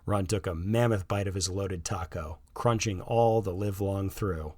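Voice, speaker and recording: A man narrating a scripted story in a calm, even manner. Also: deep voice, measured pace, hardly any pauses, breathy edge, no echo, clean studio sound.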